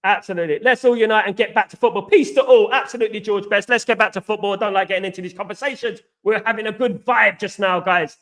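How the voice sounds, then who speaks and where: A man's voice: high voice, steady tone, quick pace, few pauses, fairly bright tone. A man, chatting casually on a live stream as a football fan show host, repeating himself and reading out viewer comments. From East London, England. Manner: repetitive, says absolutely a lot, reads out viewer comments.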